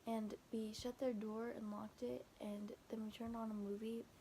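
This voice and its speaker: A woman's voice: on the high side, flat delivery, moderate pace, dark tone, a little hiss or hum. A young woman vlogger casually retelling a scary night, quoting back and forth with lots of "like" and restarts. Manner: quotes texts with constant "I was like", "he's like"; rambling, filler-heavy, frequent restarts.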